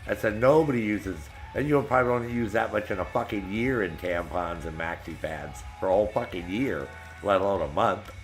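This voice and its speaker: A man telling a profane, animated story while streaming a game. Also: lowish voice, fairly quick, faint music behind, rough recording. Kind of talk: casual storytelling while gaming.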